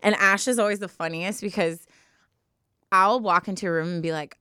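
A woman's voice: lowish voice, pushed and bright, no echo. A young woman co-hosting a podcast, telling stories in casual chat with dramatic, emotional flair. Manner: emotional, dramatic storytelling, quick to laughs and tears. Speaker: podcast co-host.

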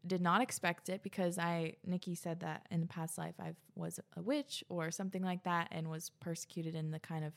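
Rambling woman vlogger, lower voice. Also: level tone, moderate pace, few pauses. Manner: rambling, filler-heavy, laughs at herself. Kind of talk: casual chat to camera.

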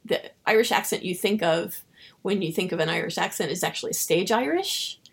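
A woman novelist being interviewed, telling stories in an animated way and acting out her own dialogue. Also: lowish voice, a little fast, creaky, husky. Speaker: novelist guest. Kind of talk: casual interview storytelling.

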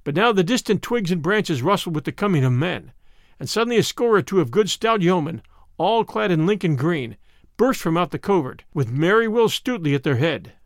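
A man narrating an old-fashioned adventure story in an expressive storytelling manner. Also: high-pitched, fairly quick, dry recording, studio quality.

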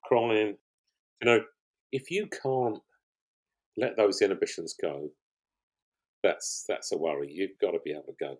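A man's voice: low voice, measured pace, long pauses, a little mellow. An older man, a guest on a podcast, telling stories in a rambling, conversational way with frequent restarts. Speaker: guest, pottery show finalist.

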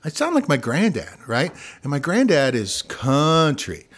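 Man, Missouri-raised, Midwestern drawl with a hint of twang, gravelly, raised pitch, casual laughing chat. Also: huge pitch swings, measured pace. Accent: Midwestern American with a slight country twang. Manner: gravelly, laughs often, loose and swearing. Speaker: guest singer-songwriter. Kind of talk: casual conversation.

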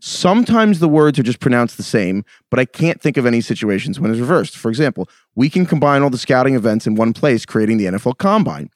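A man's voice: mid-range voice, expressive, fast, hardly any pauses, no echo, clean studio sound. A man hosting a podcast, joking around and reading listener emails aloud in casual chat. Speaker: podcast host.

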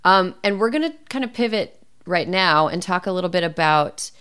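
A woman's voice: lowish voice, lively intonation, normal speed, fairly bright tone, clear, resonant tone. A woman hosting a podcast in casual chat, talking frankly and loosely with the odd swear. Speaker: podcast host.

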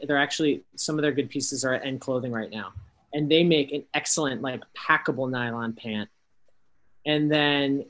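A man's voice: a little high, fairly bright tone. A man co-hosting a podcast in casual chat over a video call, rambling with fillers and restarts. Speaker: podcast co-host.

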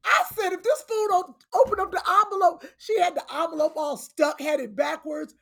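Loud, playful high-voiced woman co-host. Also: a little fast, vocal fry. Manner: self-deprecating, loud and playful. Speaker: podcast co-host. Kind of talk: casual comedic chat.

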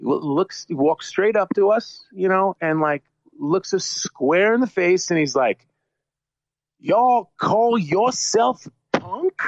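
A man tells a long tour story in a casual interview, rambling and restarting as he goes. His voice is fairly high. The recording is dry and a little muffled and lo-fi. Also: a little slow, dry recording. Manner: rambling, animated, many restarts and fillers. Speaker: touring musician guest. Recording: slightly muffled dry lo-fi audio.

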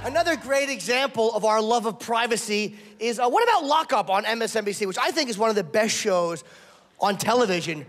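A man's voice: high voice, animated, fairly quick, fairly bright tone, faint music behind. A male stand-up comedian doing a crude, self-mocking set, breaking into acted voices for his bits. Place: comedy club stage before a laughing audience. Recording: echoey live room with audience noise.

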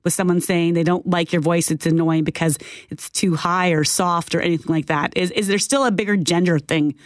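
A woman's voice: on the low side, fairly even intonation, a little fast, no echo. A woman co-hosting a talk radio show in a studio, thoughtful and questioning as she reads listener comments and leads the discussion. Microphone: studio microphone.

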